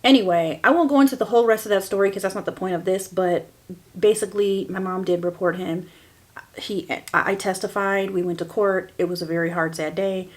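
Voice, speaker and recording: A woman's voice: medium pitch, steady tone, brisk. Woman in her 40s, podcast host, candid and emotional, just talking it through. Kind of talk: personal podcast monologue.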